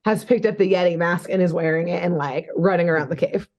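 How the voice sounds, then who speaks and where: A young woman co-hosting a podcast recaps a cartoon episode in chatty, casual talk full of fillers and laughter. She speaks fast, with a fairly low pitch and a darkish tone, on dull audio.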